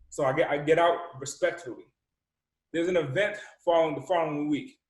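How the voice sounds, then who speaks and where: A man from Rhode Island tells a personal story with animated energy, acting out the dialogue and stumbling over repeated words. His voice sits a little high for a man and echoes around the room. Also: quick pace. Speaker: entrepreneur and speaker.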